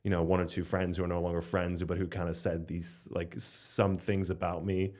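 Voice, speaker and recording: A man's voice: low-pitched, level tone, moderate pace, a little mellow. A young man from Slovenia, a stand-up comedian, chatting as a podcast guest in a rambling, jokey, sweary way. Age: 20s. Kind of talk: casual podcast interview.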